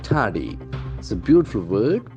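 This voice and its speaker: Man, lowish voice, slow deliberate vocabulary lesson, soft music underneath. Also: expressive, highs cut off. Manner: slow, repetitive, spells out and stresses words. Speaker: English language trainer. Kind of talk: vocabulary lesson from newspaper headlines.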